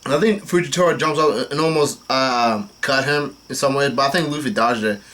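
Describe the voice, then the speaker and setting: A man's voice: medium pitch, normal speed, a bit bright. A young man casually reading comic dialogue aloud and commenting, with many fillers and restarts as he goes. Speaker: manga reaction host.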